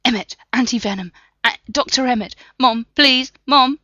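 A woman's voice: fairly high pitch, moderate pace, pushed and bright, no echo, muffled recording, pitched above the performer's own voice. A woman voicing a dying male henchman, poisoned and panicking, crying out in desperate pleas. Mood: panicked pleading. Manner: desperate pleading cries.

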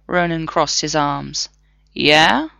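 A woman reading fan fiction aloud with expressive, playful storytelling. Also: on the low side, moderate pace, gravelly, dry recording. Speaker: reader.

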